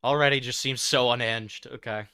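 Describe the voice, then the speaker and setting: A tired man casually commenting on a video during a stream, in a dry, dismissive, low-key way. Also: fairly even intonation, normal speed, pushed and bright, slight background noise.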